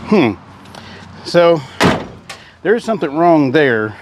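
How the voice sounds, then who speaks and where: Man, garage vlogger, chatty and folksy, slightly high voice, clear shop noise behind. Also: very animated, slow. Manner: folksy, chatty, talks to viewers while working. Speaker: car restoration vlogger. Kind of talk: casual workshop narration. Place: garage workshop. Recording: noisy garage with engine and tool sounds.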